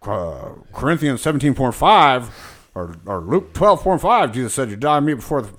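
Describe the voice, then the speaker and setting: A man's voice: mid-range voice, very animated, normal speed, fairly bright tone. Man mocking a sanctimonious Bible teacher. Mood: lecturing. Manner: sanctimonious, lecturing. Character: preachy middle-aged male Bible college teacher.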